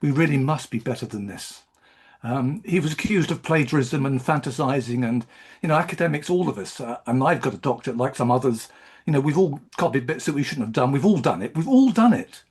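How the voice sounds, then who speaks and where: Husky guy on a video call, halting, lots of ums, emotional group chat. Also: medium pitch. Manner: halting, hesitant with frequent ums. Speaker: book group member.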